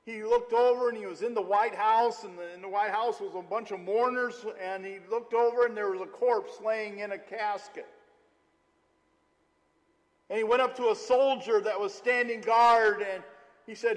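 A middle-aged man preaching a sermon, telling stories with lots of filler "uh"s and an animated delivery. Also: high-pitched, moderate pace. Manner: storytelling, animated, with frequent "uh" fillers. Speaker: pastor. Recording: long hall reverb.

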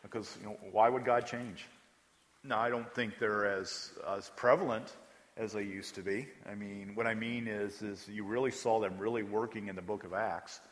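A man's voice: on the low side, steady tone, normal speed, big-room sound. A man preaching a sermon as pastor, speaking conversationally and with emphasis, often putting questions to the congregation.

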